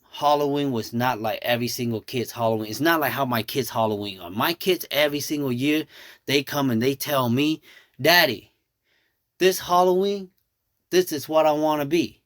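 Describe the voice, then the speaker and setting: A man's voice: mid-range voice, fairly bright tone, no room sound, clean studio sound. A man in his thirties, a nail artist whose first language is Thai, chatting through a nail tutorial and telling stories, calling his viewers y'all. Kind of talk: casual storytelling tutorial.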